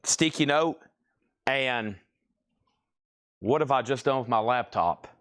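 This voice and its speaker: Male live-sale host, mid-pitched, loose and chatty, repeats lots and bids. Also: slow pace, fairly bright tone. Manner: repeats item names and bids, casual and rambling. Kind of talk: live-stream auction selling.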